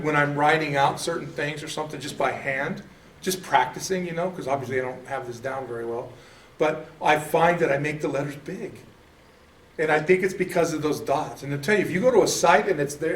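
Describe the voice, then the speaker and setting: A man leads a relaxed church class, chatty and quick to laugh at his own mistakes. His voice sits fairly high. He sounds a little far from the mic in an echoey room with faint background noise. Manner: chatty, self-deprecating, laughs often. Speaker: Bible study teacher. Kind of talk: casual classroom teaching.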